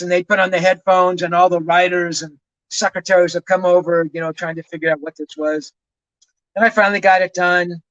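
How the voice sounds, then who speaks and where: A man's voice: high-pitched, a bit bright, dry recording, low-quality recording. A man in his sixties, a rock journalist, telling frank, rambling stories in an interview and often adding asides. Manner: rambling, frank, full of "you know" asides. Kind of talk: conversational storytelling.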